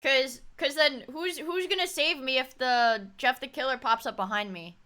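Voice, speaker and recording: A woman's voice: high voice, moderate pace, bright, forceful tone, clear, resonant tone. A woman hosting a livestream, chatting casually in a rambling, joking way with crude slang. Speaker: livestream host. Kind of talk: casual react-stream chat.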